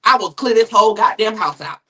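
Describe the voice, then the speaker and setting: Man, gossip streamer, profane, dramatic, shouty rants. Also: lively intonation, fairly quick, slightly rough. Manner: loud, profane, dramatic rants that jump into high-pitched shouting. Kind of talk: casual live-stream commentary.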